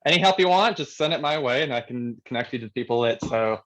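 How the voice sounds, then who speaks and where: A man's voice: medium pitch, lively intonation, fast, fairly bright tone, low-quality recording. A man, an upbeat guest in a casual interview chat who laughs easily.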